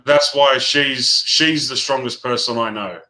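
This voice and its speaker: A man with a bright, forceful voice at a middle pitch tells a story from his own life in an easygoing chat. He speaks earnestly and haltingly, breaking off and restarting his sentences. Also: rough recording. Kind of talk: personal storytelling in casual chat.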